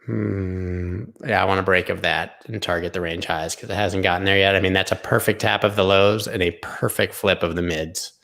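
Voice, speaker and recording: A man's voice: deep voice, steady tone, moderate pace, vocal fry, fairly bright tone. A man hosting a live crypto charting stream, rambling sarcastically with tangents and the odd swear. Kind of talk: casual live-stream commentary.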